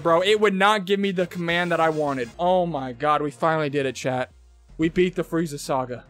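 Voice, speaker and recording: A young man streaming a fighting game, commenting live with excitable, profane trash talk. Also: high voice. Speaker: gaming streamer. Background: game music.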